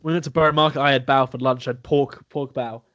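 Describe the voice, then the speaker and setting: A man's voice: medium pitch, steady tone, fast talker, fairly bright tone, dry recording. Enthusiastic young man chatting. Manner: enthusiastic, restarts and swears while enthusing. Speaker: podcast co-host. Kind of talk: casual chat over beers.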